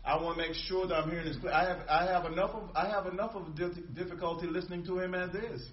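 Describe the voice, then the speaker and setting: Male pastor, sermon delivery, emphatic with repetition, a touch high-pitched, lo-fi room recording. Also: steady tone, fast, roomy sound, distant mic, background noise. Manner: emphatic preaching with repetition and call-and-response.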